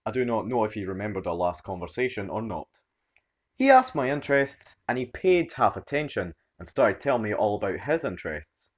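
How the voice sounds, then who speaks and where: A man narrates a story in a low voice with a lot of swing in his pitch. He reads expressively, the way a storyteller does. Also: big pitch swings, brisk. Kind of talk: scripted narration.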